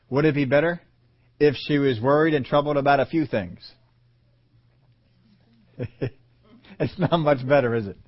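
A man preaching a sermon who acts out voices calling names, swinging from loud calls to soft, low lines. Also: a little slow, pauses often. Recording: dull lo-fi audio.

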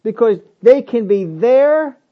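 Emphatic high-voiced male preacher. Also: animated, slow pace, highs cut off. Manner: emphatic, repeats phrases, rhetorical questions. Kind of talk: sermon.

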